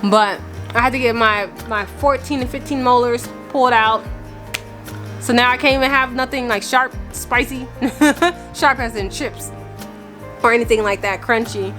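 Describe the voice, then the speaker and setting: Faint music plays behind this woman in her thirties, a family vlogger chatting at normal speed in a bright, pushed, fairly high voice. She's candid and casual, a bit breathless, and keeps breaking into laughter.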